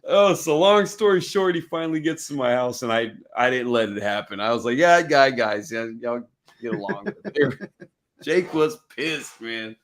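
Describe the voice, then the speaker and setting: Animated and medium-pitched, this man from Texas talks at a moderate pace while hosting a relaxed live-stream chat on a video call stream. He's a podcast host spinning stories packed with cursing and laughs.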